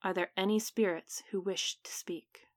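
A woman's voice: mid-range voice, normal speed, close to an everyday voice. A woman voicing a pompous male spirit medium who solemnly intones to the spirits at a séance. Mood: hushed. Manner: grandly intoning, calling on spirits.

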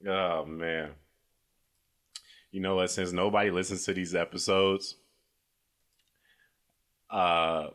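A man's voice: deep voice, a bit bright. A young man hosting a casual comedy podcast from a car, profane and loose, laughing often and slipping into silly voices. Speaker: podcast host.

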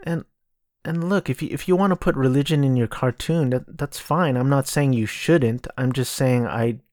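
A man's voice: mid-range voice, moderate pace, darkish tone, no room sound, studio quality. A man hosting a casual solo podcast, rambling and correcting himself as he talks. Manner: rambling, self-correcting, mocking impressions. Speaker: podcast host.

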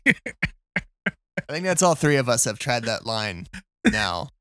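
A man's voice: mid-range voice, very animated, slow, vocal fry, sharp tone, dry recording, studio quality. A man co-hosting a casual podcast chat, speaking reflectively with many hesitations. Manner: hesitant, full of ums and uhs, reflective. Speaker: podcast co-host.

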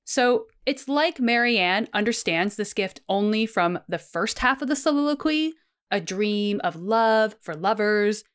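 A woman's voice: medium pitch, expressive, a little slow, a bit bright, smooth. A woman co-hosting a literary podcast, explaining a passage and reading quotes aloud. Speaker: podcast co-host. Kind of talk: casual literary discussion.

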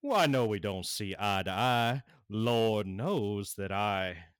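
A man voicing a smooth-talking, persuasive male boss. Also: lowish voice, slow pace, no echo, clean studio sound. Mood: placating.

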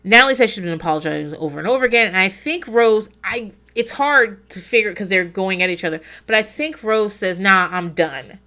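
A woman's voice: medium pitch, expressive, fairly quick, few pauses, pushed and bright. A woman in her forties hosting a casual recap podcast, who talks in a digressive, profane way and laughs at herself. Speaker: podcast host recapping a reality show. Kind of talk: casual chat.

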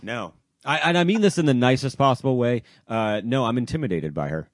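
A man co-hosting a casual wrestling podcast, animated and loose, swearing and trailing off into asides. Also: medium pitch, a little fast, dry recording, studio quality. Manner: animated, swearing, jumps between loud and mumbled asides. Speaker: podcast co-host.

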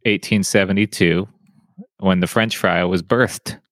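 A man co-hosting a podcast in casual chat, delivering dry, deadpan jokes. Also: low voice, measured pace, dry recording. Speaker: podcast co-host.

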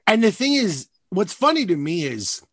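A man hosting a podcast in casual, profane trash-talk chat, animated and self-mocking, laughing often. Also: high-pitched, normal speed, no room sound. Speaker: podcast host.

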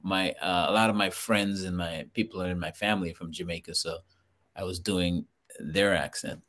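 In a low voice at a moderate pace, a Trinidadian man with a matching accent appears as a guest actor. He laughs as he tells lively stories in relaxed conversation.

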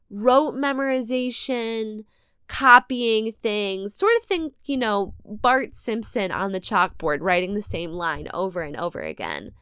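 A woman's voice: fairly high pitch, clean tone, no echo. A woman with a Midwestern American accent hosting a podcast, chatty and laughing often, with asides and self-corrections. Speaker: podcast host. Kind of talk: casual podcast narration.

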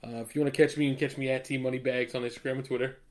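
Casting: man, podcast host, relaxed profane sports talk, medium pitch. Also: very fast. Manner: laid-back, swears, laughs often. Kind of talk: casual sports chat.

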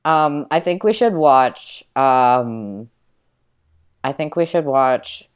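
A young woman co-hosting a podcast, talking in a halting way with many restarts and fillers. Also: extremely low pitch, clear, resonant tone. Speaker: podcast co-host. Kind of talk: casual chat.

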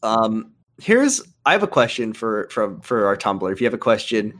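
A man co-hosting a comedy podcast who talks casually, with excitable, swearing outbursts. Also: on the low side, normal speed. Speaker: podcast co-host.

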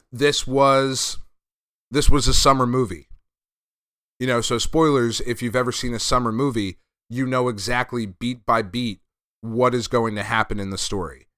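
A man's voice: medium pitch, sharp tone, clean tone, no room sound, studio quality. A man hosting a podcast, casually recapping and reviewing a comic, laid-back and a bit profane. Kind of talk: casual chat.

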